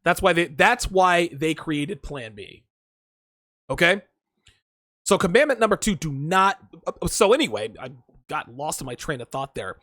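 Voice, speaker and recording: A man's voice: fairly high pitch, expressive, measured pace, pauses often, fairly bright tone, no room sound, studio quality. A man hosting a dating advice stream, talking in a crude, profane, rambling solo monologue and repeating himself for emphasis.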